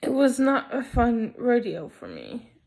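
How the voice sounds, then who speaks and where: A young woman talking slowly in a casual personal vlog, hesitant with many pauses and ums, sounding sleepy and not fully awake. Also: a little high, huge pitch swings, vocal fry, a little mellow. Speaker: vlogger.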